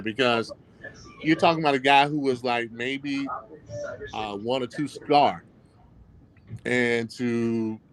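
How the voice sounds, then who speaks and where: A man's voice: mid-range voice, fairly bright tone, low-quality recording. A man, a former professional football player, telling stories in a casual interview, acting out the voices of people he quotes and laughing often.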